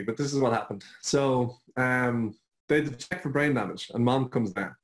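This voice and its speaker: A man's voice: mid-range voice, moderate pace, poor audio. A young Irish man, a guest on an online show, telling a personal story with jokes at his own expense. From Ireland. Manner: jokey, self-deprecating storyteller.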